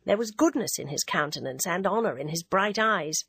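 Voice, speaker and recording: A woman narrating a classic novel as an audiobook reader, in a measured, even way. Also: lowish voice, slightly rough.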